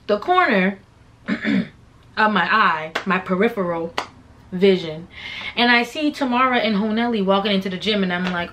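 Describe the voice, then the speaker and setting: A young adult woman vlogger telling a casual storytime, slangy and animated, acting out the voices of people in the story. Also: mid-range voice.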